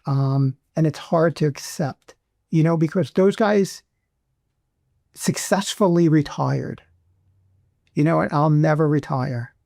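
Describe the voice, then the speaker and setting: A middle-aged man, a veteran guest in an interview, speaking with emotion and pausing often to restart. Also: on the high side, creaky, darkish tone, no echo, studio quality. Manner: emotional, halting, many restarts.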